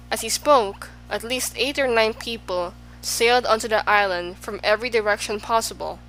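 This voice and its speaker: A woman's voice: a little high, normal speed, hardly any pauses, a bit bright, slight background noise, rough recording. Woman reading a storybook aloud. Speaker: audiobook narrator. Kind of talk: storybook narration.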